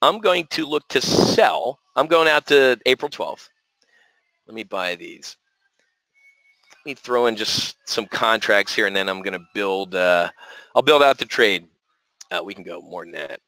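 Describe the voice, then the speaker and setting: Energetic man hosting a trading webinar. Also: on the low side, unhurried, gravelly, dry recording, rough recording. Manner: energetic, folksy, repeats words for emphasis. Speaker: options trading webinar host. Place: resort room.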